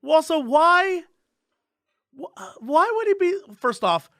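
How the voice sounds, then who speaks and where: High gravelly man teasing on a podcast. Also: takes it slowly, no echo, clean studio sound. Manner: teasing, deadpan jokes. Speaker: podcast co-host. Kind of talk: casual chat.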